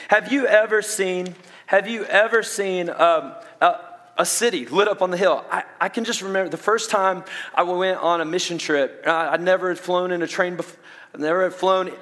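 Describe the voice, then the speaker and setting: A young adult man with a Southern US accent, preaching a sermon in an animated way, with quick asides and restarts. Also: high-pitched. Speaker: pastor. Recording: long reverb of a large hall.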